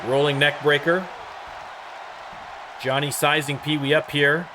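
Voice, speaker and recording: A man calling wrestling play-by-play and hosting the show, rattling off moves and rising to shouts on big hits. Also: fairly high pitch, level tone, unhurried, a crowd in the background, background noise. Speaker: play-by-play commentator and show host.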